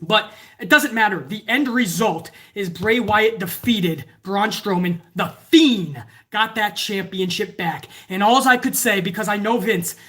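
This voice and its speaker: A woman giving a casual, sarcastic and profane wrestling review, now and then acting out fans in shouted voices. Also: medium pitch, measured pace. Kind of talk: casual ranting commentary.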